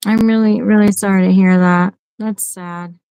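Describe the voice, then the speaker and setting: A woman guest in a casual chat, friendly and encouraging, with halting speech. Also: medium pitch, steady tone, dark tone, smooth, dry recording, low-quality recording. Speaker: guest collector.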